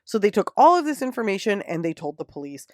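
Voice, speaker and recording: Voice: medium pitch, fast, no room sound, studio quality. A podcast host telling a true crime story in a casual, indignant, profane way. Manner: indignant, profane, animated retelling.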